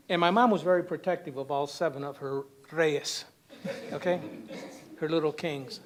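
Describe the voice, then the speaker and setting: A man with a fairly high voice tells a funny personal story to a symposium audience. He keeps checking in with a quick "okay?" as he goes. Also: a little hiss or hum. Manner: humorous anecdotal delivery with frequent "okay?" tags. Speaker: panelist. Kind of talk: storytelling panel talk. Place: university symposium hall.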